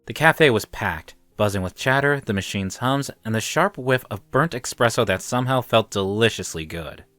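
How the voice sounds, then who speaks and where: Animated man narrating a story. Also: on the low side, normal speed, dry recording. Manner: animated, wry and dramatic. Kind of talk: scripted first-person story narration.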